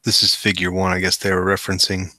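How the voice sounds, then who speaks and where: A man's voice: deep voice, completely flat delivery, fast talker, sharp tone, dry recording. A man hosting a casual news show, reading articles aloud and adding wry, skeptical asides. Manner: skeptical, wry asides between read quotes. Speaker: host reading and commenting on articles.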